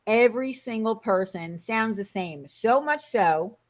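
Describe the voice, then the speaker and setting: A woman's voice: a little high, unhurried. Chatty New York woman hosting a video call. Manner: chatty, animated storytelling. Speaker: host. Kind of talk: casual chat.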